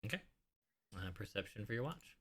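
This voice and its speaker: A man narrating a tabletop game as dungeon master, relaxed and halting, with many fillers. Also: on the low side, slightly rough.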